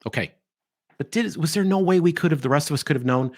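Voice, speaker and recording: A middle-aged man hosting a podcast, giving opinionated commentary in an animated, mocking way and sometimes mimicking others. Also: on the high side, fast talker. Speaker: podcast host.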